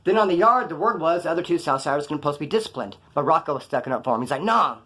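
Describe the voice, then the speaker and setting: A man telling prison stories to camera in a casual, profane, animated way, acting out quotes. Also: a little high, very fast, slightly rough.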